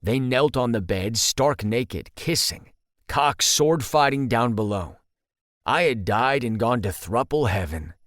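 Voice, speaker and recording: Male audiobook narrator, mid-pitched, steady first-person read, dry booth sound. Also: a little slow, no room sound.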